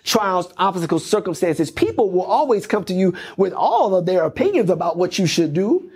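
Husky-voiced pastor preaching. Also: male voice, high voice, big pitch swings, normal speed, few pauses, darkish tone. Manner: repetitive, emphatic preaching cadence. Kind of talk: sermon. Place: church.

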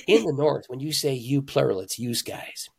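A husky-voiced man speaking at a middle pitch, a pastor telling stories as a guest in a conversation. He talks with lively emphasis, rising and getting louder at the key points, then dropping low and quiet. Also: fairly quick. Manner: animated, emphatic, jumps between loud and hushed. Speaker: pastor and author, interview guest. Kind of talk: conversational storytelling.

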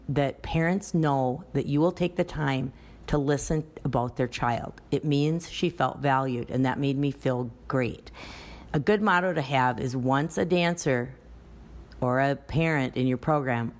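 A woman with a low voice talks through a podcast episode in a relaxed, chatty way. She tells stories from running her dance studio, often restarting her sentences as she goes. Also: measured pace. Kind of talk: casual podcast talk.

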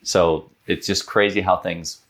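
A man in his thirties, a podcast guest telling a personal story in an earnest, animated way, with many fillers like "like". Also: sits low, a little slow. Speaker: guest, business owner.

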